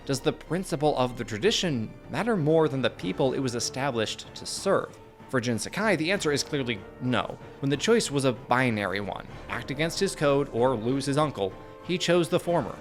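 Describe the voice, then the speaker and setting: A man narrating a scripted video essay in an earnest, measured way, with dry asides. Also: medium pitch, animated, faint music behind.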